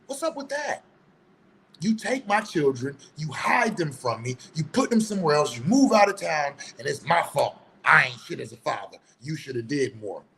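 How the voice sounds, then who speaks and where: A man's voice: on the high side, vocal fry, a bit bright, slight background noise, rough recording. A man giving a heated, preachy opinion monologue in casual, colloquial speech. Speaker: online commentator.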